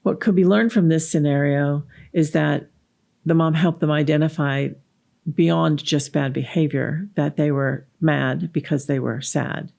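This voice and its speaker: A woman podcast host calmly explaining emotions through a told story, in a reflective teaching monologue. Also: deep voice, unhurried, gravelly.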